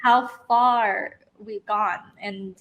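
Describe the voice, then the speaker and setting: A woman's voice: medium pitch, fairly even intonation, extremely slow. A woman hosting a casual livestream chat, encouraging her guest and talking with many fillers and restarts; she moved to America as a child. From immigrant to America. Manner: warm, encouraging, filler-heavy. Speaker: host.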